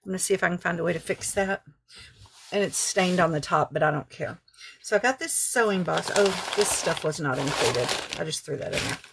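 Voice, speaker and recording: A woman's voice: fairly low pitch, animated, a little fast, creaky, a bit bright, a little hiss or hum. A woman craft vlogger chatting casually and ramblingly as she shows off her thrift finds, often correcting herself. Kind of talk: casual show-and-tell haul.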